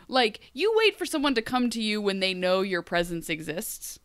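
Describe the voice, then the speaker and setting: A young woman co-hosting a casual TV recap chat, animated and quick to act out characters' lines. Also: medium pitch, dry recording. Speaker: podcast co-host.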